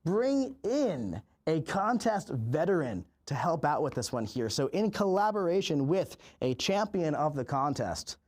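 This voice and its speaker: A man hosting a live game stream, upbeat and hyping things up with drawn-out emphasis. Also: a little high, big pitch swings, a little mellow. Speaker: stream host.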